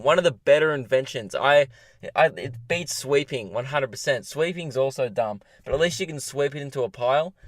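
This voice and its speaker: A young Australian man hosts a comedy podcast alone from a parked car, ranting in an exasperated, rambling, self-mocking way. His voice is medium in pitch, with no room sound.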